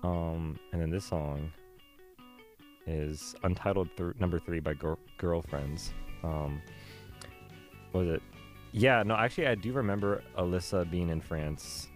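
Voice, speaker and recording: Young man, very deep voice, playful casual chat, soft music behind. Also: measured pace. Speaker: co-host playing music.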